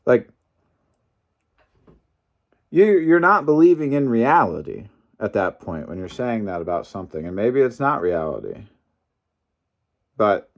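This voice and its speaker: An animated, opinionated man recapping wrestling. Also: fairly low pitch. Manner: animated, opinionated, mildly profane. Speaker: wrestling fan commentator. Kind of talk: casual recap vlog.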